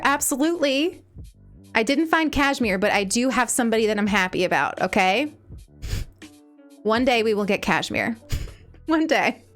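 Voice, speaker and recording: A woman with a Long Island accent chats on a live stream, her voice sitting a little higher than most. She rambles casually and jumps into excited squeals, with soft game music playing faintly behind her. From Eastern Long Island, New York. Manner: chatty, bursts into squealing excitement. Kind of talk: casual live-stream chat while gaming.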